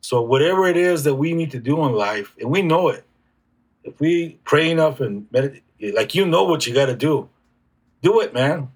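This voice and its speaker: A man speaking as an interview guest, reflective and halting, with frequent restarts. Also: a little high, lively intonation, husky. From United States. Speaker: guest healer. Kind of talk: casual conversational interview.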